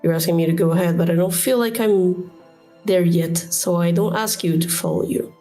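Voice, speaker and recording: Woman voicing a young male fire-mage apprentice, mellow, sincere. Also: on the low side, fairly even intonation, normal speed, soft background music, close to an everyday voice. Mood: earnest.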